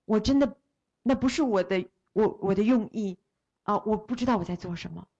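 A woman's voice: mid-range voice, fairly quick, warm tone, highs cut off. A woman interpreting a sermon phrase by phrase, following the preacher closely with small restarts.

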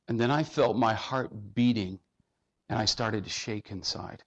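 A man's voice: lowish voice, a little slow, lo-fi sound. Heartfelt male pastor telling a story. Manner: heartfelt, dropping to soft tones in quotes. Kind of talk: emotional sermon storytelling.

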